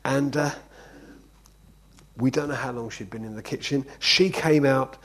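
A man's voice: medium pitch, moderate pace, long pauses, fairly bright tone, slightly rough, poor audio. A man preaching an informal sermon in a conversational way, often checking in with "okay?". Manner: conversational, keeps asking "okay?".

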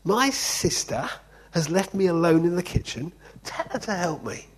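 A man putting on a flustered high-voiced woman. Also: big pitch swings, normal speed, slightly rough, exaggerated voice, poor audio. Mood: exasperated. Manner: high exasperated complaining. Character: flustered overworked woman host in a kitchen.

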